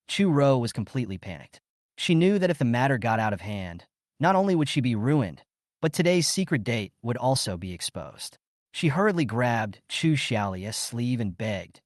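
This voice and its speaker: A man narrating a recap story in a steady, scripted storytelling voice. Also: medium pitch, normal speed, dry recording, clean studio sound.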